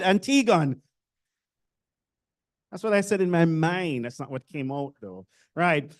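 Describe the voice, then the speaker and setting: A speaker with a Jamaican accent gives a casual orientation address to new university students, joking and teasing the audience. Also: mid-range voice. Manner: joking, self-deprecating, chatty with the audience.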